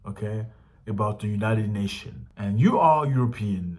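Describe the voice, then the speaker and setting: A man's voice: lowish voice, normal speed. A man with a Congolese accent hosting a commentary show, talking in a passionate, rhetorical way and repeating his questions. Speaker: commentary channel host. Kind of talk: casual opinion commentary.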